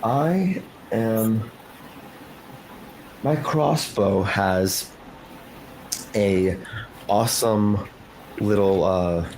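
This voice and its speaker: Slow-talking man at the game table. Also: fairly low pitch, a little mellow, a little hiss or hum, poor audio. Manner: hesitant, self-correcting. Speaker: player. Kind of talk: casual game-table talk.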